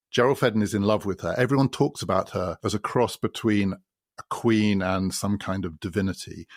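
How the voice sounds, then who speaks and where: A man's voice: lowish voice, no echo, clean studio sound. A man hosting a podcast, explaining a novel in a thoughtful way and building his points through repetition. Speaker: podcast host. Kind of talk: spoken literary commentary.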